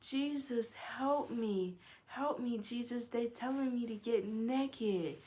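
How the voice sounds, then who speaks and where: A frightened young woman roommate who hears voices, as a storyteller puts her on. She repeats herself and pleads in a slightly higher, quieter voice than the teller's own. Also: takes it slowly. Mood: pleading. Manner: pleading, repetitive.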